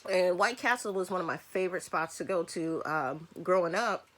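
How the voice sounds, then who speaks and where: Chatty woman vlogger, lower voice. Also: normal speed, fairly bright tone. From Michigan, USA. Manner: chatty, laid-back, fillers like um and like. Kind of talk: casual mukbang chat. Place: bedroom.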